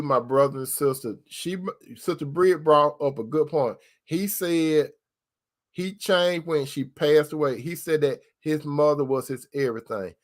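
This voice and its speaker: A man giving Christian relationship advice in a preaching style, repeating his points with emphasis and calling his listeners brother and sister. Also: on the high side. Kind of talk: preaching-style talk to viewers.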